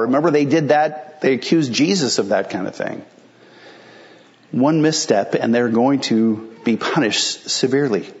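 A man's voice: medium pitch, measured pace, highs cut off. A male pastor preaching a sermon in a conversational, explanatory way, asking rhetorical questions and answering them.

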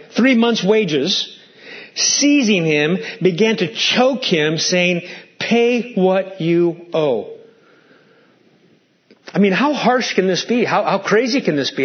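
A man's voice: high voice, highs cut off. A man preaching a sermon as pastor, emphatic and fond of stacked rhetorical questions.

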